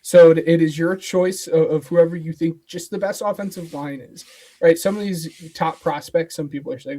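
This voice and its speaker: A man's voice: a little high, steady tone, moderate pace, dark tone. A man co-hosting a football podcast in casual chat, hesitant and full of fillers. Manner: hesitant, lots of "like" and "um". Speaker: co-host.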